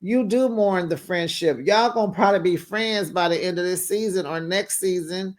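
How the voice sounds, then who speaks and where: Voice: mid-range voice, moderate pace. A host recapping a reality show in casual gossip commentary, sassy and chatty, laughing often and talking straight to viewers.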